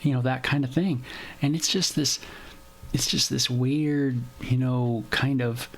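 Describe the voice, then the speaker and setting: A man's voice: medium pitch, a little slow. A man hosting a casual Bible devotional, reading scripture and retelling it in loose everyday slang. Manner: conversational, animated, paraphrases scripture in everyday slang. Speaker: devotional host.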